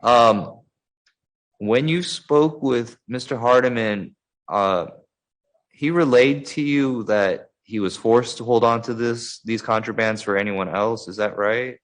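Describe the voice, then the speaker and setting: A man cross-examining a witness in a court hearing, measured and polite, with hesitant fillers. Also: medium pitch, rough recording. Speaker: defense attorney.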